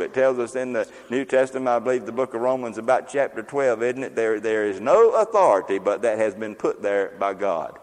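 A man's voice: medium pitch, brisk, few pauses, darkish tone. Older guy preaching, folksy and jokey, big echoey church sound. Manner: folksy, joking, conversational preaching. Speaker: pastor. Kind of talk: sermon. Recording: long reverb of a large hall.

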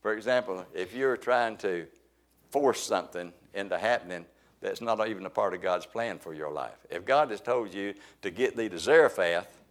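A man preaching a sermon in a folksy, conversational way, with loud emphasis and quiet asides. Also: on the low side, moderate pace.

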